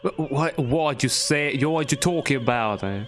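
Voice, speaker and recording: A man's voice: mid-range voice, normal speed, soft background music, lightly acted. Man doing a hammy New York lady cop. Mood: tough. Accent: put-on New York accent. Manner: hammy, ends lines with "eh?". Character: tough young woman cop with fake New York attitude.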